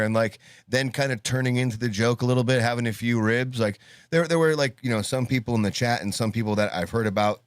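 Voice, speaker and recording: A man's voice: medium pitch, quick pace, smooth, no room sound, clean studio sound. A man co-hosting a live call-in show, chatting casually in a rambling, joking way with many restarts.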